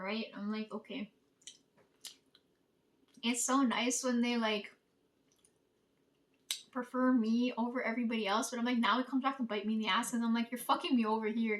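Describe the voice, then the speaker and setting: A woman telling a casual, rambling story to her viewers, swearing freely and filling her talk with "like" and "right?". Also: fairly high pitch. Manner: profane, rambling, peppered with "like" and "right?". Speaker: vlogger.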